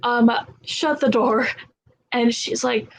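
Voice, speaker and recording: A woman's voice: on the high side, steady tone, takes it slowly, low-quality recording. A woman in her thirties hosting a casual chat, telling candid, profane stories. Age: 30s. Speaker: host.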